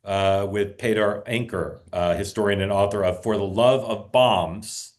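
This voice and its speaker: A man's voice: on the low side, fairly even intonation, measured pace, a little mellow. A man hosting a political talk show. He chats casually, plugs the upcoming programs and often restarts his sentences.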